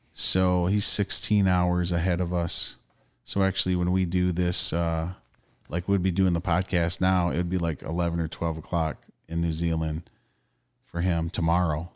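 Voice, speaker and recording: A man co-hosting a casual podcast, talking in a loose, opinionated and profane way. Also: low voice. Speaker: podcast co-host.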